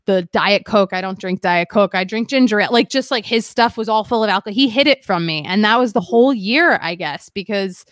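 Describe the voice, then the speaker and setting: Young woman, podcast guest, rambling candid storytelling, lots of "like", mid pitch, dry close sound. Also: a little fast, hardly any pauses, fairly bright tone, dry recording. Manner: rambling, heavy use of "like", frequent restarts.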